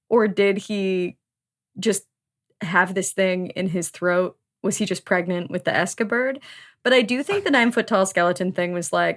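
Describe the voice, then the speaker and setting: A woman's voice: medium pitch, normal speed, a bit bright. A woman hosting a book podcast, chatting casually, laughing often and swearing freely. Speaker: podcast host.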